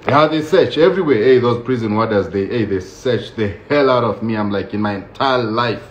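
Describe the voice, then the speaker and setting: A man casually telling a story about his own experience, lively and laughing often, acting out the voices of the people in it. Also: medium pitch, moderate pace, slight background noise. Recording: roomy, dull lo-fi sound with faint ambience.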